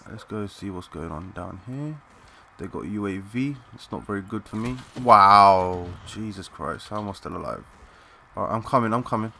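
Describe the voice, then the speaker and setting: A young man giving excitable, swearing live commentary while playing a shooter, calling out to teammates in slang. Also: lowish voice, moderate pace, creaky, a little hiss or hum. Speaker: gaming channel host.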